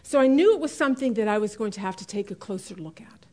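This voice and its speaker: A woman's voice: mid-range voice, animated, fast talker, darkish tone. A middle-aged woman teaching a women's Bible study class in a chatty way, often laughing and stressing key words.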